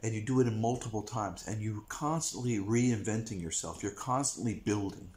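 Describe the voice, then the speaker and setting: A man's voice: on the low side, moderate pace, a little mellow. A man delivering a blunt, repetitive, profane rant to camera as a vlogger. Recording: echoey room.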